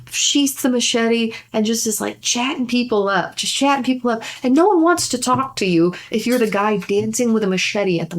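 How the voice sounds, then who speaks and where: A woman comedian telling a rambling anecdote on a podcast, laughing often and swearing freely. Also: fairly high pitch. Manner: acts out gestures while talking. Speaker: comedian guest. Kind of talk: casual podcast storytelling.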